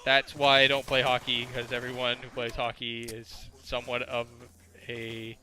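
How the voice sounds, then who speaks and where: Bright-voiced young man rambling over gameplay. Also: medium pitch, monotone, normal speed, a little hiss or hum. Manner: rambling, crude, full of filler words. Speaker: gaming commentator. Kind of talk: casual gameplay commentary storytelling.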